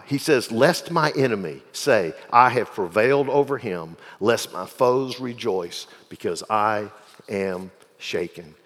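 A male pastor preaching a sermon, swinging from quiet reflection to loud, fervent pleading. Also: lowish voice. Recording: long hall reverb.

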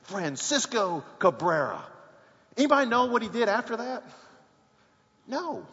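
A man preaching a sermon, telling a sports story with rising excitement and shouts. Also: extremely high pitch, normal speed, long reverb tail, highs cut off.

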